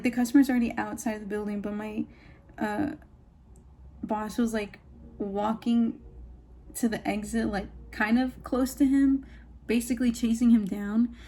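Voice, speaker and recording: Young woman vlogger, higher-pitched warm voice, casual storytime rant, salty and animated. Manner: chatty, swears freely, lots of "like"; animated retelling, acts out quotes. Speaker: beauty vlogger. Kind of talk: get-ready-with-me storytime chat.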